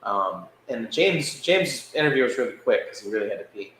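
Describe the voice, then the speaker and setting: A man co-hosting a podcast, telling a story in a casual, animated way and laughing as he acts out what others said. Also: medium pitch, moderate pace, a little hiss or hum. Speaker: podcast co-host. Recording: echoey room with faint ambience.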